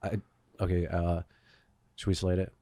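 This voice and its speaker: A man's voice: sits low, level tone, moderate pace, warm tone, no room sound, clean studio sound. A man hosting a podcast, telling a story in casual chat, swearing often and using lots of fillers. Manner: profane storytelling, swears a lot, many fillers. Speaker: podcast host.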